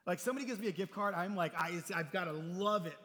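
A man's voice: high voice, fast, pushed and bright. A middle-aged man preaching as a pastor, telling personal stories in a conversational way and acting out the dialogue with humor. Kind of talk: sermon with storytelling. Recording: long hall reverb.

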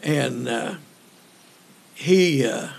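Older evangelist, man; unhurried, joking storyteller with a rough, gravelly edge. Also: medium pitch, animated. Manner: folksy, joking, halting with fillers. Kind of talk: storytelling in an interview.

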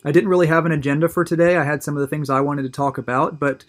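A man with a fairly high voice talks fast with little pitch movement. He hosts his own tobacco review video show, delivering a casual, enthusiastic solo monologue and often repeating words as he goes.

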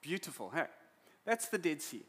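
Male South African pastor, emotional storyteller, slightly high voice. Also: very animated, normal speed, fairly bright tone. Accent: South African English. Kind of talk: sermon.

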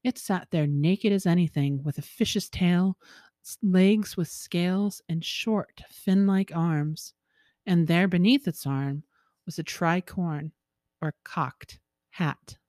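A woman host telling a folktale in a lively, expressive reading voice, with occasional chuckles. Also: on the low side, dry recording, clean studio sound. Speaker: storyteller.

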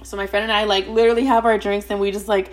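A young adult woman hosting a podcast, telling a story in casual chat: fast, profane and gossipy, with "like" all through. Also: mid-range voice, little pitch movement. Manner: rapid, profane, gossipy, heavy use of "like". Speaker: podcast host.

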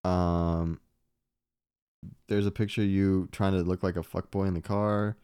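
A man's voice: low-pitched, little pitch movement, unhurried, mellow, clean tone, no room sound. A young man co-hosting a podcast in casual chat, laid-back and joking, swearing freely. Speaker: podcast co-host.

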